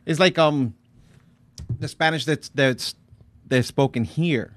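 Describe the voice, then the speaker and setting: A man's voice: a little high, slow pace, fairly bright tone, slight background noise. A man with a New Jersey accent co-hosting a casual podcast, rambling with many fillers. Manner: rambling, stacks fillers and restarts. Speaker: podcast co-host. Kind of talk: casual chat.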